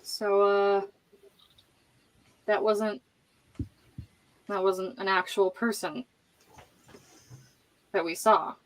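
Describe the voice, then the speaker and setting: A woman plays a tabletop role-playing game, speaking slowly with many pauses. Her remarks are halting and wry. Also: medium pitch, fairly even intonation, rough recording. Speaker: player.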